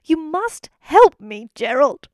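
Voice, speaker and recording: A woman's voice: on the high side, expressive, moderate pace, darkish tone, dry recording, studio quality, pitched above the performer's own voice, natural voice. A woman reading a storybook and voicing a kind, flustered mother goat who is overwhelmed and desperate. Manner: desperate, wailing.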